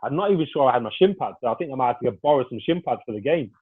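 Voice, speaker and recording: A man's voice: medium pitch, very fast, slightly rough. A man recounts his playing days in a loose, chatty way, slipping into the voices of the people in his stories. His voice comes through a thin, phone-like line. He sits in the middle of the male range. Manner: lively anecdotal storyteller, acts out dialogue. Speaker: former footballer guest. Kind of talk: casual storytelling interview.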